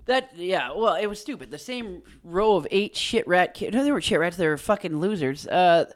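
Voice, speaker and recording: A man's voice: high voice, expressive, normal speed. A man in casual chat, telling a story bluntly. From Canada.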